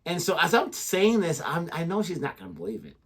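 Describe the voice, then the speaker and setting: A man's voice: fairly high pitch, very animated, brisk, a bit bright, husky. A man co-hosting a reaction video, chatting casually in a rambling, self-mocking way. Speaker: co-host of a reaction channel.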